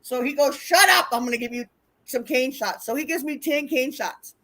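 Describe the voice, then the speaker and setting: A woman telling wild road stories in casual chat, animated and profane, acting out what people said. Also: sits high, brisk. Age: older. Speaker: wrestling interview guest. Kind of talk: casual storytelling.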